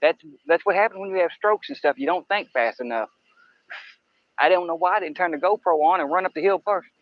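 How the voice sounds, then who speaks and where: On a riverbank by the woods at night, a man livestreams his fishing trip, rambling to viewers in a folksy, casual way. His high-pitched voice moves a little fast. Picked up by a camera-mounted mic near the water, the audio has no echo and its highs are cut off.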